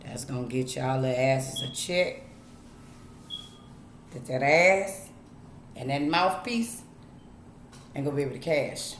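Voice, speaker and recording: Low, slow-talking woman lecturing her viewers. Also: echoey room, a little hiss or hum. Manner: preachy and blunt, talks to the audience, drawls, swears. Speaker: vlogger. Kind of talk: casual monologue to camera.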